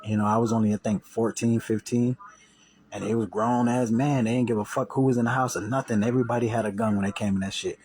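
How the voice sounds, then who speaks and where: A man with a fairly low, fairly even voice talks fast with a breathy edge, and the recording is rough. He's casually telling viewers a personal story in slangy, profane language, repeating and restarting himself and loudly acting out the voices he quotes.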